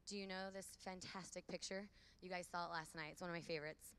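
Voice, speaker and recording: Bright-voiced woman giving a faith talk. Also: lowish voice, fairly quick, hardly any pauses, smooth. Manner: lively, preachy, calls for audience repeats. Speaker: conference speaker. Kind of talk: faith talk to a women's session. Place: large hall with audience.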